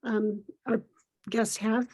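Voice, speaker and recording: A woman's voice: a little high, level tone, slow pace, darkish tone, husky. A woman hosting a video call, friendly and inviting questions from the guests. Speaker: host.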